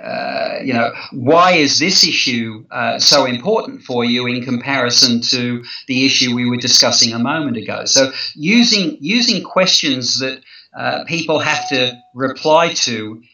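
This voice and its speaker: A man's voice: medium pitch, a little slow, sharp tone. A man in an interview explaining negotiation at length, talking thoughtfully with many fillers, restarts and repeated words. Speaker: negotiation expert guest. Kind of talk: conversational interview. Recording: roomy, distant, muffled sound.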